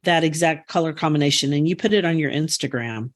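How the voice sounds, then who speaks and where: A woman's voice: low voice, fast. A woman co-hosting a gardening podcast, telling rambling, enthusiastic stories about her garden. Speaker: podcast co-host. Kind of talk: casual chat.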